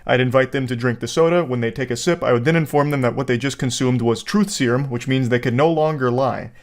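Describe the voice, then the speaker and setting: A man's voice: medium pitch, fast. A man hosting a casual video commentary, rambling through jokes and mock-serious asides. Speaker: commentary host. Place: Florida home.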